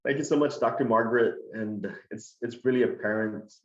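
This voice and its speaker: A man's voice: medium pitch, a little fast, reverberant, muffled recording. A man moderating a conference panel, thanking the speaker in a formal, courteous way.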